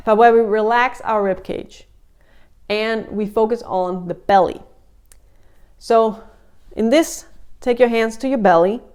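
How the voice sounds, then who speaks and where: A woman with a smooth, resonant voice talks listeners through a breathing exercise. She sounds gentle and a little out of breath, and she often restarts her sentences as she explains each step. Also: medium pitch. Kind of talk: guided breathing lesson.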